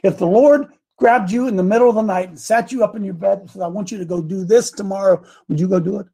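A man preaching a sermon, fervent and folksy, climbing into loud emphatic passages when he reads scripture. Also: sits high, fairly even intonation, fast, gravelly. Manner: fervent, rising to shouts on scripture, folksy asides.

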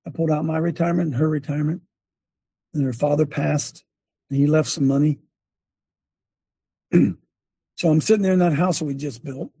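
Gravelly older man preaching a testimony. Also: on the high side, fairly even intonation, moderate pace, long pauses, warm tone, no echo. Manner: emphatic storytelling with many repeats and restarts; breaks off to direct a helper at a screen. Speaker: speaker and former coach. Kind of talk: sermon-like testimony.

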